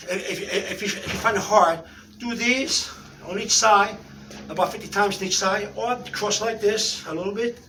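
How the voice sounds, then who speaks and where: Breathless high-voiced man exercising. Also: bright, forceful tone, distant mic, a little hiss or hum. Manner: halting, repetitive instructions, checks in with "okay?". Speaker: exercise video maker. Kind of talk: home exercise demonstration.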